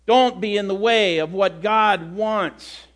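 Jesus as a calm, firm male teacher played by a man, earnest, slow and deliberate, fairly high voice. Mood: stern.

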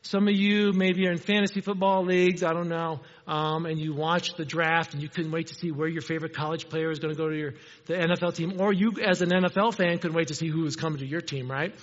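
A man's voice: fairly high pitch, steady tone, fast talker. A man preaching a sermon in a conversational way, often putting questions to the congregation in a church. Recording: dull audio with long hall reverb.

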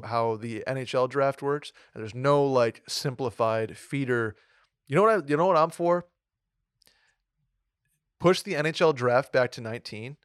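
A man's voice: mid-range voice, clean tone, no room sound. Rambling man on a dry mic. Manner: rambling, restarts, swears, jokey. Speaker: podcast co-host. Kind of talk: casual sports podcast chat.

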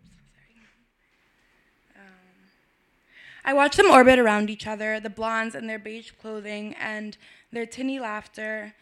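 A woman's voice: on the high side, sharp tone. Woman reading spoken-word poetry. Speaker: poet at an open mic.

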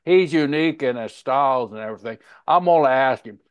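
A man's voice: mid-range voice, brisk, clear, resonant tone, no echo. A male podcast host telling stories in a casual chat, laughing often as he acts out old conversations. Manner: laughing, animated retelling of conversations.

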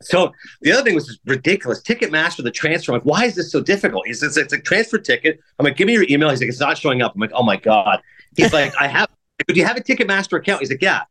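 A middle-aged man hosts a podcast and rattles off stories at high speed. His voice sits a little above the usual male range, and he animates his anecdotes by acting out the quotes. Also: very animated, very fast, pushed and bright. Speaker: podcast host. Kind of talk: casual storytelling chat.

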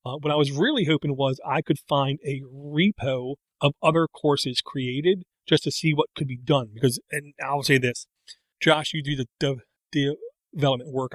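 A man's voice: a little high, no room sound. A middle-aged man co-hosting a casual chat, rambling and breaking off into tangents. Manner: rambling, self-interrupting, tangents. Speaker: podcast co-host.

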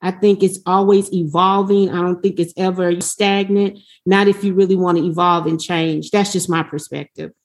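A woman's voice: lowish voice, fairly even intonation, normal speed, hardly any pauses. A woman giving her view on a panel discussion, speaking emphatically in a conversational way, repeating phrases for weight.

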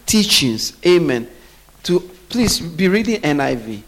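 Male preacher, slightly high voice, call-and-response sermon style. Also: big pitch swings, a little slow. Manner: asks the congregation to finish his sentences.

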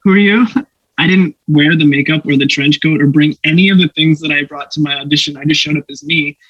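Brief: young actor guest, animated storyteller, laughs often, dull dry podcast sound. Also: male voice, fairly high pitch, fairly quick, slightly rough, no echo. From Canada. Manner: animated, laughing, acts out voices in anecdotes. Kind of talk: casual storytelling interview.

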